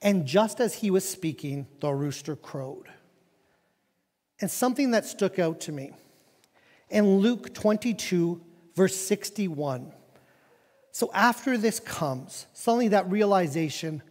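Brief: male pastor, high voice, lively conversational preaching, long church-hall reverb. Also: measured pace, pauses often. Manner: animated, conversational preaching with repeated words. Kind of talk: sermon. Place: church sanctuary.

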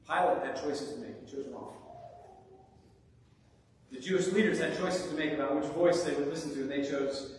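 A man preaching a sermon as pastor, with rhetorical questions and dramatic pauses, in a church sanctuary. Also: fairly high pitch, slight background noise. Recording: echoey hall from far off.

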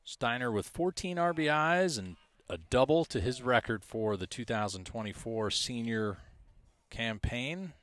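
A man calling a high school baseball game play by play, reading out stats in a measured way. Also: expressive, a bit bright. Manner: measured, stat-heavy, self-deprecating asides. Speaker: play-by-play announcer.

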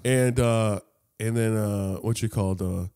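A man's voice: lowish voice, fairly even intonation, moderate pace, dark tone, clear, resonant tone. A young man co-hosting a podcast, telling a long casual story full of swearing and acted-out voices. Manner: profane, laughs at his own jokes, acts out voices in stories. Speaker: podcast co-host.

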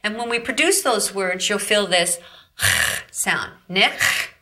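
Bright-voiced woman vocal coach. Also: medium pitch, animated, a little slow. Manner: demonstrates growls and caws, cheerful praise. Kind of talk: scripted vocal lesson.

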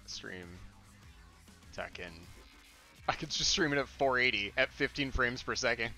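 A man co-hosting a game stream, troubleshooting and often muttering quietly to himself. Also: expressive, unhurried, soft background music. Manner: distracted, mutters to himself at low level. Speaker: stream co-host. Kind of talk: casual gaming chat.

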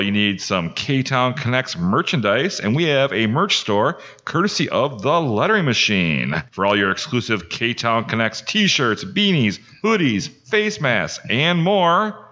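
A man's voice: medium pitch, pushed and bright, highs cut off. A man co-hosting a podcast in casual chat, reading sponsor notes with playful teasing. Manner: playful, reads sponsor lines. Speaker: podcast co-host. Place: pizza restaurant.

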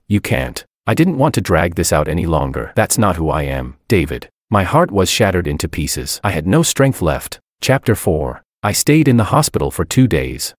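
Give me a man reading a first-person story earnestly, deep voice, dry and close. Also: no room sound. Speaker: narrator.

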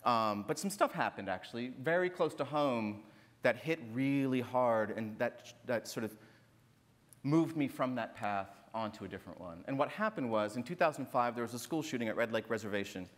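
A man's voice: mid-range voice, expressive, moderate pace. A man from northern Minnesota, an author at a literary festival, telling a personal story on stage in an earnest, emphatic way, often tagging his points with "right?". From northern Minnesota, USA. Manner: earnest, emphatic, repeats phrases and tags "right?". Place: large hall on stage. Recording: reverberant lecture hall.

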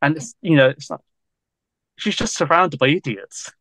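A man's voice: fairly high pitch, expressive, normal speed, a bit bright, slight background noise. A man, a guest historian in a casual podcast interview, talking in a loose, rambling way full of fillers and frequent laughs.

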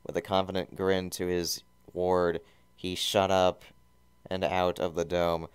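A man's voice: sits low, little pitch movement, unhurried, clean tone, no echo. A man giving a mock-serious comedic reading of a fan fiction, often stumbling and correcting himself.

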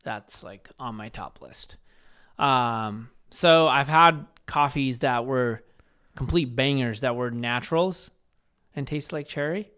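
A man's voice: medium pitch, slow pace, clear, resonant tone. A man co-hosting a podcast, talking casually, hedging and trailing off with small laughs. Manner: hesitant, laughing, trails off quietly. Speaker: podcast co-host.

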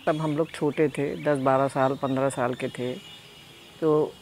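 Old man from india remembering his childhood, raspy gravelly voice, rapid. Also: mid-range voice, steady tone, a little mellow, slight background noise. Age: 80s. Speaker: interviewee. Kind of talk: reminiscing about childhood.

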